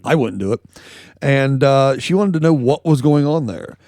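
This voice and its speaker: A man's voice: medium pitch, lively intonation, moderate pace, a little mellow, dry recording. Male podcast co-host, jokey rambling news bits, dry close sound. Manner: joking, rambling storytelling with laughs. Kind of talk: casual comedic news chat.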